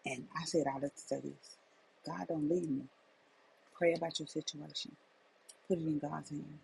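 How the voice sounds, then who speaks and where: Gravelly-voiced middle-aged woman giving testimony. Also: low voice, level tone, normal speed, darkish tone, a little hiss or hum, low-quality recording. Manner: emphatic, repetitive storytelling. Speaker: life coach. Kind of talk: personal testimony and faith message.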